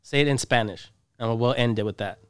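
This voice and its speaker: Smooth-voiced relaxed podcast host, a man. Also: medium pitch, fairly quick, no room sound, clean studio sound. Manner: relaxed, slangy, calls the guest bro and man. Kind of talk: casual chat.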